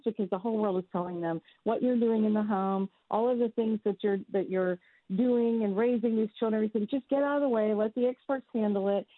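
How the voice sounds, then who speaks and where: A woman's voice: mid-range voice, dry recording. A woman in her fifties, a guest founder speaking earnestly and emphatically in an interview. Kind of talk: interview, advocacy talk. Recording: tinny phone-like line, dry.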